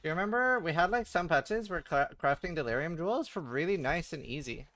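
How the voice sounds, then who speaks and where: A man's voice: on the high side, expressive, a little fast, a bit bright, dry recording. A man streaming a video game, chatting casually, muttering to himself, swearing and stammering. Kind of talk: casual livestream chat while gaming.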